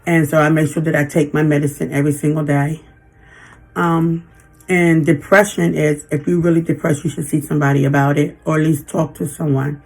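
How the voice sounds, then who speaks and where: A woman's voice: low voice, little pitch movement, a little mellow, faint music behind. Emotional woman vlogging through tears. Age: 50s. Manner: emotional, halting, frequent restarts. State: holding back tears. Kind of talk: personal vlog venting.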